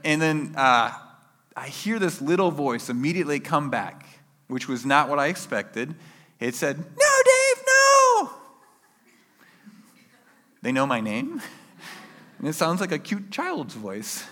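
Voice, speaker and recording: A man preaching a sermon, telling a personal story in an animated way and acting out his own shouts. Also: medium pitch, unhurried, long reverb tail.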